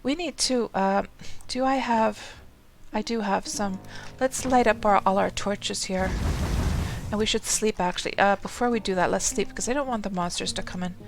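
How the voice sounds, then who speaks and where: Woman game streamer, mid-pitched and gravelly, chatty and rambling, talks to herself and to chat. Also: normal speed, music in the background. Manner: rambling and chatty, often talking to herself and greeting chat viewers. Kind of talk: casual live-stream commentary.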